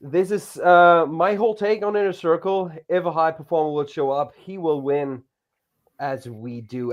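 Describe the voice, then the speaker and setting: A man's voice: on the high side, steady tone, normal speed. A man cutting an arrogant heel promo over a video call, smug and sneering.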